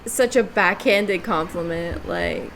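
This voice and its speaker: A woman's voice: on the low side, big pitch swings, slow pace, a loud crowd. A woman co-hosting a podcast in casual chat, thoughtful and laughing often, with many "like"s. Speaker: podcast co-host.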